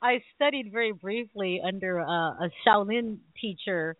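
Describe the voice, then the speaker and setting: A woman hosts a talk radio interview, chatting and telling stories with frequent laughter. Her pitch sits in the middle range. Her voice arrives thin and phone-like with a dry sound. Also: unhurried, dry recording. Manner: chatty, laughs often, storytelling. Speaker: radio talk show host. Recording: dry, tinny phone line.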